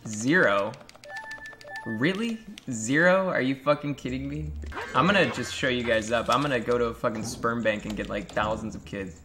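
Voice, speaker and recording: A man's voice: medium pitch, moderate pace, over music. A man streaming a game live, joking crudely with his chat and swearing often. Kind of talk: live-stream gameplay commentary.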